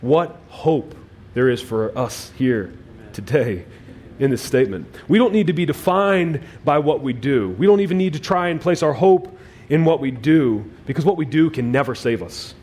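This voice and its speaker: A male pastor preaching a sermon, emphatic, with swings between loud and quiet phrases and frequent restarts. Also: a little high, a little hiss or hum. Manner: repeats words as he restarts phrases.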